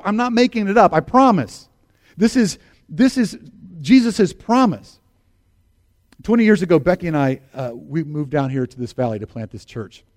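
A man's voice: fairly high pitch, a little mellow. A middle-aged American man preaching a sermon as pastor, earnest and emphatic, repeating phrases for stress.

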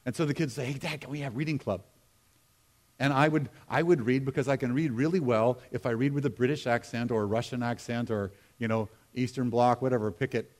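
A middle-aged man from the United States delivers a sermon in a church. His tone is conversational and humorous, with quick asides to the congregation. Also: mid-range voice, fairly even intonation, darkish tone. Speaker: pastor. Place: church sanctuary.

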